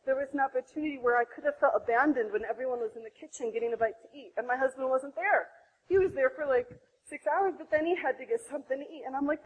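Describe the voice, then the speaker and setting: A woman in her thirties sharing her own birth story to other women, animated, acting out her past self. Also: fast, lo-fi sound. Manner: animated, acts out her own past voice with big pitch jumps. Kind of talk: impassioned personal testimony.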